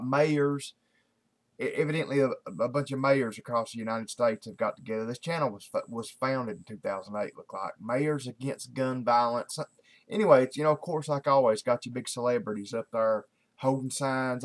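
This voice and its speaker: A man's voice: mid-range voice, moderate pace. A man, talking to camera in a casual, rambling daily video blog, full of fillers and restarts. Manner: folksy, repetitive, many fillers and restarts.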